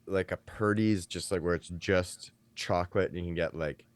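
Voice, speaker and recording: Man, very deep voice, dry close sound, blunt, teasing, swears freely. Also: steady tone, normal speed, no echo. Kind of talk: casual chat.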